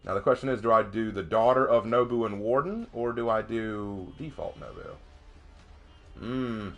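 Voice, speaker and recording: A man streaming gameplay, reading chat aloud and thinking out loud as he plays, chatty and quick to laugh. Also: fairly low pitch, highs cut off, faint music behind. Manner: chatty, excitable, laughs often, talks to himself. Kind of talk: live gameplay commentary.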